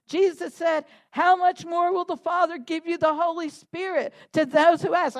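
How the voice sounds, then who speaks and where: A woman preaching a sermon to a congregation, animated and laughing, building to fervent, shouted prayer. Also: very high voice, normal speed, few pauses.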